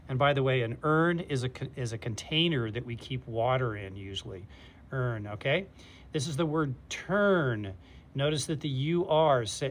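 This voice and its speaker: A man teaching a phonics lesson to young readers, patient and deliberate, stretching out sounds and repeating each word. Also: mid-range voice. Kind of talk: slow, clear instruction for young readers.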